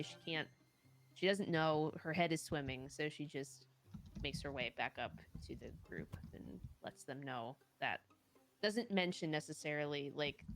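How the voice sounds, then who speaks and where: A woman playing a tabletop role-playing game, describing her character's actions in a halting way, searching for words. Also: low voice. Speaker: player.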